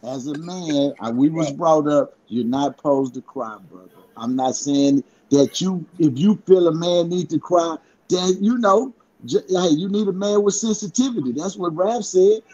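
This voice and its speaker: Blunt, husky-voiced man arguing on a panel. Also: on the high side, moderate pace, hardly any pauses, mellow, highs cut off. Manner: blunt, emphatic, profane. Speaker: podcast panelist. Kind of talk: heated casual debate.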